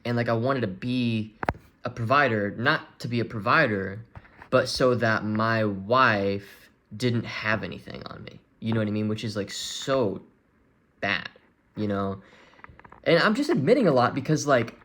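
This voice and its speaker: Young adult man, lowish voice, candid vlog confession, earnest, halting delivery. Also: lively intonation, fairly bright tone. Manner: halting, many restarts and fillers, earnest and open. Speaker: vlogger speaking to his audience.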